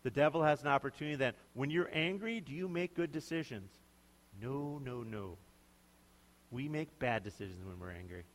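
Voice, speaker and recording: Speaking at a normal speed with a medium-pitched voice, a pastor delivers a sermon in an emphatic, conversational style. He frequently poses questions to the congregation, heard through long hall reverb.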